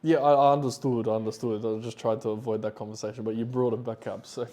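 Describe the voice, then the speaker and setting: A man co-hosting a casual podcast chat, speaking in a relaxed, thoughtful way. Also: medium pitch, quick pace, a little hiss or hum. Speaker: podcast co-host.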